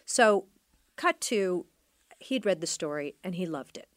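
A middle-aged woman telling a personal story as an interview guest, halting and trailing off with many fillers. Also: on the low side, lively intonation, no room sound, studio quality.

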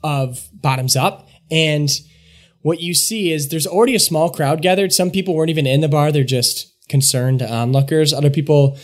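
A man's voice: fairly high pitch, moderate pace. Guy running a comedy d&d game, chill narration, lots of likes and ums. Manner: loose narration with fillers and laughs. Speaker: game master.

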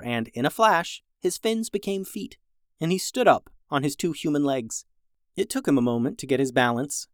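A children's story podcast host reading a story aloud in a lively way, changing pitch for the characters. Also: no room sound, studio quality.

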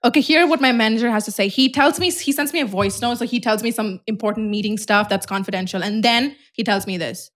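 A young woman hosting a podcast, telling stories in a dramatic, animated way and swearing often. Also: a little high, fast, few pauses. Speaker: podcast host. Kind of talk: casual chat.

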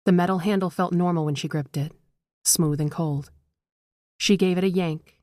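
A woman narrating a horror story in a measured, dramatic reading. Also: lowish voice, fairly even intonation, a little mellow, no room sound.

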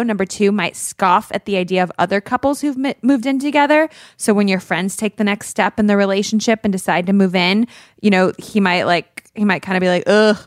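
Young woman, podcast co-host, casual chat, blunt, teasing, mid pitch, dry recording. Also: dry recording. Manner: blunt, teasing, filler-heavy. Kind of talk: casual chat and reading out articles.

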